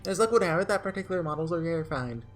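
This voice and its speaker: A man's voice: a little high, animated, fast, soft background music, pitched above the performer's own voice, lightly acted. A man voicing a showy, self-proclaimed genius weaponsmith who talks in theatrical, self-satisfied patter. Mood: smug.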